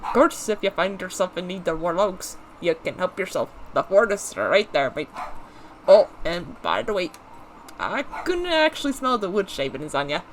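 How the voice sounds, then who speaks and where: A gamer doing a folksy woodcutter with a put-on accent. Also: male voice, sits high, very animated, moderate pace, slight background noise. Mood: hearty. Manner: folksy, teasing, calls people mate. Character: friendly male woodcutter with a thick put-on accent. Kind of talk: reading game dialogue aloud in character.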